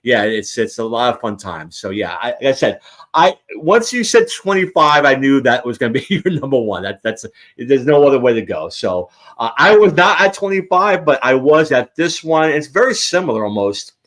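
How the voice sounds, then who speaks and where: A man's voice: medium pitch, very animated, moderate pace, a bit bright. Rambling male podcast host. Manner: rambling, many restarts. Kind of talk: casual chat.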